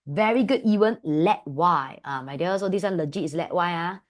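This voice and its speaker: A woman with a Malaysian English accent teaching an online maths class, calling her students "my dear" and asking them quick questions. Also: fairly low pitch. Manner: affectionate, calls students "my dear"; lively, asks many quick questions. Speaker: maths tutor.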